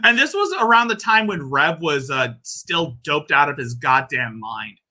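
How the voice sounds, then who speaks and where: A man's voice: a little high, expressive, unhurried, pushed and bright. A man hosting casual reaction commentary, rambling and crude, often laughing at his own jokes. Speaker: commentary channel host.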